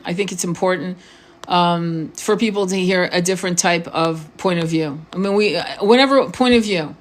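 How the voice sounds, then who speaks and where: A woman spiritual coach and tarot reader talking in a casual live-stream monologue, blunt and informal, swearing freely, restarting words and often asking the viewer questions. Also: mid-range voice.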